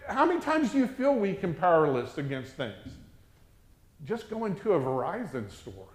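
A man preaching a sermon, swinging from loud, urgent exhortation down to hushed, reverent tones. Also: high-pitched, very animated, moderate pace, reverberant.

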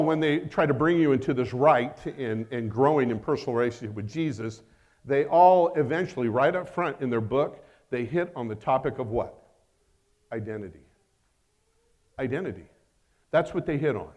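A man preaching a sermon, emphatic and dynamic, asking rhetorical questions and slowing down to stress key phrases. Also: mid-range voice, expressive, darkish tone.

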